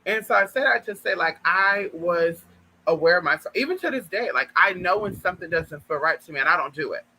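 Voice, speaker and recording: A man telling a personal story to viewers in an animated, profane way, often calling them girl and y'all. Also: high voice, brisk, breathy edge, poor audio. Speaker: vlogger. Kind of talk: casual storytime monologue.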